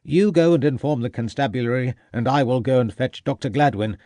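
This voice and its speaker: A man's voice: medium pitch, brisk, dark tone, no echo, natural voice. A man doing a curt, irritable schoolmaster. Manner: curt and impatient. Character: irritable, domineering Victorian schoolmaster.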